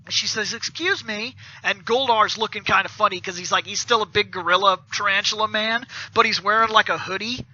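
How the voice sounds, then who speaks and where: A man co-hosting a casual podcast on a video call, telling a story in an animated way with casual swearing. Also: sits high, a little fast, hardly any pauses, dry recording, muffled recording. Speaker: podcast co-host. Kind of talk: casual chat.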